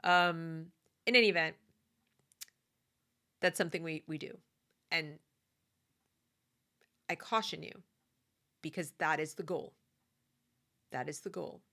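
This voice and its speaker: Gravelly, low-voiced opinionated woman. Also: slow, long pauses, pushed and bright. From American. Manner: opinionated, conversational, with frequent fillers and restarts. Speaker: commentary host. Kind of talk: casual opinion monologue. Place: home in the American South.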